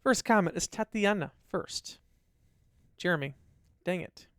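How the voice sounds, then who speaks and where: A man's voice: high voice, lively intonation, a little slow, fairly bright tone, no room sound, studio quality. A man co-hosting a casual podcast, reading listener comments aloud and chatting about them. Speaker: podcast co-host. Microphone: studio dynamic mic.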